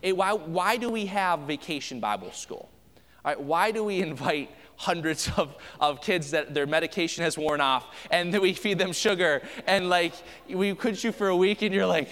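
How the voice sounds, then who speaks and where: Pastor, man in his 30s, fairly high voice, chatty preaching with stumbles and restarts, church hall reverb. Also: moderate pace, a bit bright. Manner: conversational preaching with anecdotes and frequent restarts. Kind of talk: sermon. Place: church sanctuary.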